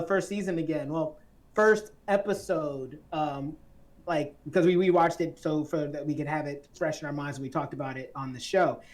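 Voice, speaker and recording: Low-voiced woman, playful host. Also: a little mellow. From Atlanta, Georgia. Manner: playful, chatty, slangy. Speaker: podcast host. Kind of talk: casual film discussion.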